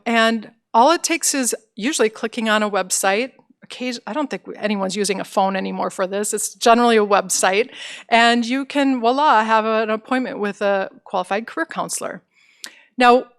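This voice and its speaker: A woman's voice: mid-range voice, a bit bright, clear, resonant tone. A middle-aged woman presenting career services to parents in an encouraging, conversational way, with fillers and restarts.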